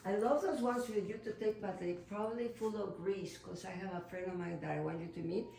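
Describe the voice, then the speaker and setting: A middle-aged woman artist from Mexico with a Mexican Spanish accent, a native Spanish speaker giving a casual, rambling, excitable tour of her home studio and slipping into Spanish. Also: medium pitch, fairly quick, vocal fry, recorded from a distance. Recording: echoey room, voice from off-mic, faint ambience.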